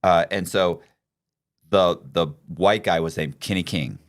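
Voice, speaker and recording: Middle-aged male podcast host, low voice, casual animated storyteller who restarts often. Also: a little slow. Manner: animated storyteller, acts out quoted dialogue, frequent restarts. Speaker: podcast co-host, former prisoner.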